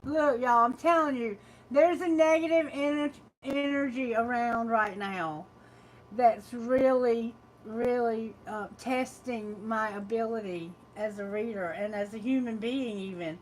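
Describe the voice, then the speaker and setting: A woman's voice: fairly high pitch, unhurried, slight background noise, poor audio. A woman with a Southern American drawl, reading tarot on a live stream from her phone, chatty and laughing often as she greets viewers. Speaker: tarot reader.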